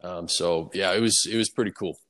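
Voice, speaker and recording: A young man talks through his answers in an unhurried, casual way, dotted with fillers and restarts. His voice sits fairly low, and a long reverb hangs behind it, as if he were speaking in a large, echoing room. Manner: relaxed, easygoing storytelling with many fillers. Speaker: guest baseball player.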